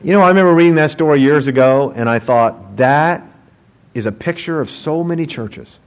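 Male pastor, sermon, animated, joking, fairly high-pitched. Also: low-quality recording.

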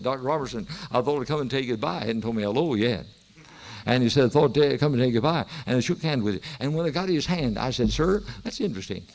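Fervent male preacher telling a story. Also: mid-range voice. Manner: fervent, rising to emphatic exhortation. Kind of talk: sermon with storytelling.

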